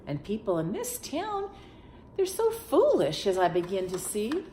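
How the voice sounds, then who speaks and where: A woman voicing a polite, friendly male lion from a picture book, with a gentle, wondering manner. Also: mid-range voice, huge pitch swings, a little slow, a little hiss or hum, voice pushed up. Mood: puzzled. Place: at home.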